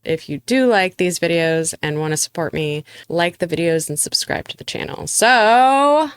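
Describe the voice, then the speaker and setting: Chatty woman with a low smooth voice. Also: fairly even intonation, normal speed, dry recording. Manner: chatty, playful, dry humor. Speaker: real estate agent. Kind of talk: casual vlog to camera. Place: small office indoors.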